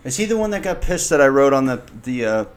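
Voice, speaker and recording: A man's voice: mid-range voice, big pitch swings, fast talker. A man hosting a podcast in casual chat, blunt and joking. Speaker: podcast host.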